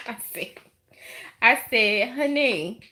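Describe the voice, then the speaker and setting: A woman with a Southern US accent chatting to camera in her home kitchen, animated and drawn out, calling listeners "honey" and "y'all". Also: medium pitch, slow. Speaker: home baker vlogger. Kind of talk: casual chat to camera. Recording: noisy kitchen with clattering dishes. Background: clinking dishes and utensils.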